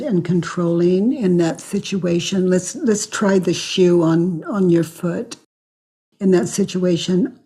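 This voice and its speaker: An older woman slowly and calmly guiding a client through self-inquiry with probing questions. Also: fairly low pitch, slightly rough. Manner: slow, calm and questioning, acts out quoted lines. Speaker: facilitator of self-inquiry sessions.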